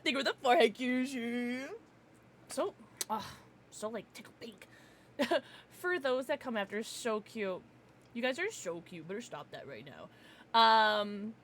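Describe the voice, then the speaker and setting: A young woman chatting casually on her gaming livestream, giggly and bubbly with loud, excited greetings. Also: on the high side, unhurried, a little hiss or hum. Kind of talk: casual gaming stream chat.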